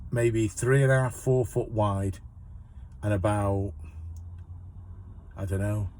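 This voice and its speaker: A man's voice: medium pitch, a little mellow, slightly rough. A man, a van courier, telling a long chatty story about his work in a rambling way, restarting his sentences often. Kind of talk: casual storytelling monologue.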